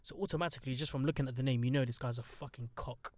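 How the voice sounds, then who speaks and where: A man's voice: medium pitch, steady tone, racing, darkish tone, no room sound. A young man hosting a casual podcast, blunt, sarcastic and swearing freely. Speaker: podcast host.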